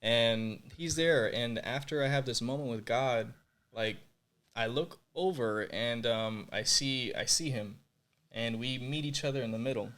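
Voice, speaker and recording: A young man tells his faith testimony on a podcast, earnest and openly emotional. He leans on filler words as he goes, speaking at an average pitch. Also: a little slow, a bit bright. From Puerto Rico. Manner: earnest, emotional, many fillers like "like" and "you know". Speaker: podcast guest.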